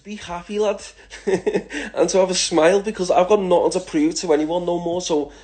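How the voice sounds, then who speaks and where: A man's voice: high-pitched, steady tone, normal speed, darkish tone. Blunt swearing Liverpool man. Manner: blunt, heavy swearing, laughs often. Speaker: vlogger answering follower questions. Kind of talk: casual Q&A chat.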